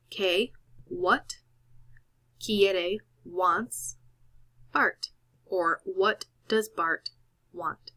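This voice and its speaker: A woman's voice: medium pitch, very slow, long pauses, pushed and bright. A woman teacher patiently walking students through each step of a recorded screen-share lesson.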